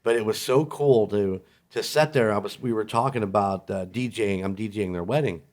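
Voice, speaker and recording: A man filling in as a podcast co-host, easygoing in casual chat, laughing a lot and getting animated when he tells stories. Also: lowish voice, a little fast.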